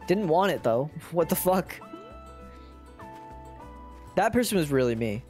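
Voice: mid-range voice, very animated, a little slow, long pauses, soft background music. A streamer giving casual let's-play commentary, talking to chat and thinking aloud while playing. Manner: chatty, talks to chat, often trails off quietly.

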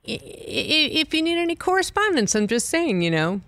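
A woman guest host chatting in a casual interview with quick, playful banter. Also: high-pitched, big pitch swings, a bit bright, dry recording.

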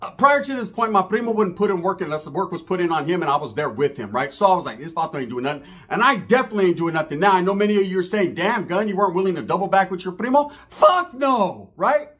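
A man's voice: high-pitched, expressive, fast, hardly any pauses, fairly bright tone. A man telling a profane comic street story and acting out the voices of the people in it. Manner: acts out quotes in shifting voices, slangy and profane. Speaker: storyteller comedian.

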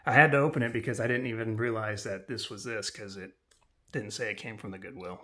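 A woman's voice: rumbling low, steady tone, brisk, sharp tone. A woman with the hiccups, casually cheering on a child as they open trading cards together at home. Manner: encouraging, easygoing, cheering the child on. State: has the hiccups. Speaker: parent co-hosting a card-opening video. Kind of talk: casual chat. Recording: clear background noise.

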